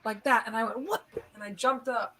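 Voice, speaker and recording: A middle-aged woman hosting a live stream, rambling through an animated story and acting out the moments as she goes. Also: on the high side, fairly quick. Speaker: host.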